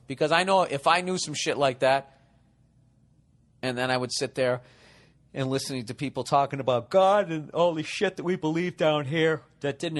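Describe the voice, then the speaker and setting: Male comedy podcast host, rambling and profane, sarcastic. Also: fairly high pitch. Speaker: podcast host reading listener letters.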